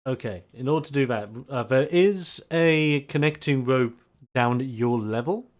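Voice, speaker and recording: A man's voice: medium pitch, normal speed. A man running a tabletop game as game master, narrating scenes dramatically and handing out rolls.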